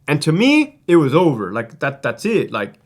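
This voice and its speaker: A man's voice: on the high side, wildly swooping pitch, normal speed. A man who used to be a prison guard tells stories in a casual, profane, streetwise way, rambling and restarting his sentences. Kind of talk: casual storytelling.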